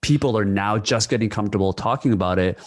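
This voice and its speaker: A young man of South Korean background hosting an interview, speaking calmly and reflectively. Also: lowish voice, quick pace. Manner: calm, reflective, short affirmations. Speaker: interview host. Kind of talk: conversational interview.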